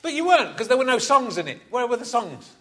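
A man's voice: extremely high pitch, very animated, fast talker, a bit bright. A man hosting a podcast, joking with his guest in casual chat and dry teasing banter. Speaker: podcast host.

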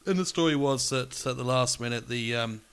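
A man's voice: mid-range voice, a little fast, fairly bright tone, clear, resonant tone. A man chatting on a podcast, adding dry anecdotal asides. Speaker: podcast guest. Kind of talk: casual chat.

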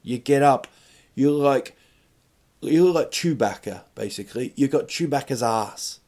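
A man's voice: mid-range voice, expressive, normal speed, darkish tone. A middle-aged man hosting a podcast, rambling through a crude comic monologue with stop-start phrasing and rhetorical questions. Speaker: podcast host.

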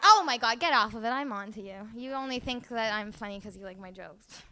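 Giggly high-voiced woman comic. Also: a little fast, pushed and bright, clean tone. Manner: rambling, giggly, self-mocking. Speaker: stand-up comedian. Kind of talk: live stand-up set. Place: live comedy show stage.

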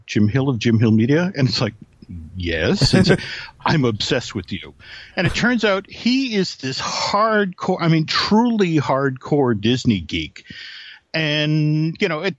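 A man's voice: mid-range voice, no echo. Male guest storyteller, rambly, many restarts, lo-fi dry line. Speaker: guest Disney expert. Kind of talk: casual podcast storytelling.

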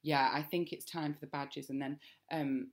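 Woman, Northern English accent, low voice, gravelly, chatty podcast co-host. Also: steady tone, normal speed. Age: young adult. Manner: chatty, laughs often. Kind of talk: casual chat.

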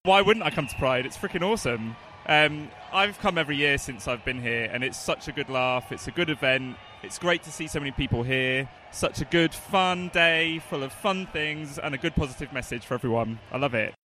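A man's voice: on the high side, brisk, hardly any pauses, sharp tone, a little hiss or hum. A man in his thirties in a street interview at a parade, upbeat and enthusiastic. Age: 30s. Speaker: parade attendee.

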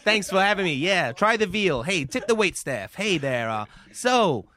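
A man's voice: high-pitched, very animated, moderate pace, pushed and bright, slight background noise, pitched above the performer's own voice, heavily acted. A man playing a cheesy male stand-up comic with punchy, crowd-baiting patter. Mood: brash.

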